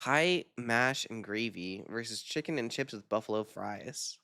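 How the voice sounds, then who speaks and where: A vtuber streamer chatting casually on a live stream, rambling and swearing, with quick reactions and frequent laughter. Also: mid-range voice, lively intonation, pushed and bright, dry recording, studio quality. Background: background music.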